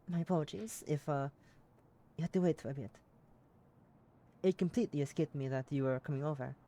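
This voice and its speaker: A streamer voicing a polite, soft-spoken young woman in a game, aiming for a Russian accent that slips. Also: medium pitch, fairly quick, lightly acted. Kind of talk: reading a game character aloud.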